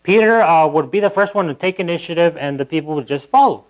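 A pastor giving a sermon in church, talking in a loose conversational way with asides to the congregation and acting out quotes. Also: male voice, a little high, fast, low-quality recording. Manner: animated, acting out quotes in a livelier voice.

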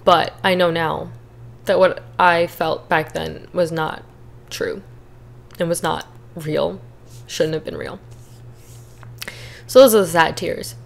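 Young female podcaster, slightly low voice, earnest and teary while recounting her story. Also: steady tone, slow pace, vocal fry. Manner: candid, earnest, emotional at times. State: tearful. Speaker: podcast host. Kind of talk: personal testimony, casual.

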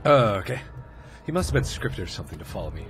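A young man in his twenties commentating a horror game, with jumpy, loud screaming outbursts and jokey asides. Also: fairly low pitch, very animated, quick pace, music in the background. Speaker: let's play host.

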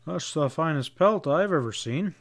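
A sly, folksy frontier sheriff from a western audiobook, drawling his compliments, as a male narrator voices him. His voice is pitched up above the reader's own. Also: expressive, normal speed.

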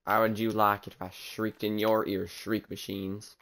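A man's voice: lowish voice, level tone, moderate pace, a bit bright. A man streaming a video game, chatting casually and teasing the characters on screen in a rambling way. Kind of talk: casual gameplay commentary.

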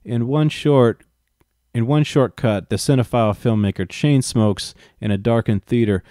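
A man's voice: mid-range voice, normal speed, warm tone, no echo, clean studio sound. A man reading a book aloud and breaking off into wry, profane asides. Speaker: reader and commentator.

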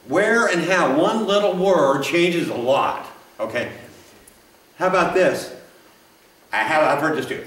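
A pastor preaches in a church sanctuary, folksy and rambling, with frequent restarts and asides. His slightly high, fairly bright voice is animated and unhurried, broken by long pauses. The recording is roomy and taken from a distance.

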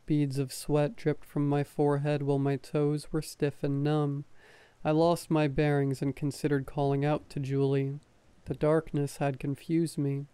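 A man narrates in a hushed ASMR reading voice, slow and close to the microphone. His tone sits a little high but stays mellow and flat, with a smooth, clean sound in a dry space. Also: no room sound. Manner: soft, slow, even storytelling delivery. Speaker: story narrator.

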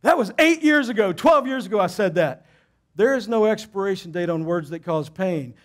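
A middle-aged man, a pastor, preaching a sermon with animated, emphatic storytelling and self-deprecating humor. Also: sits high, moderate pace.

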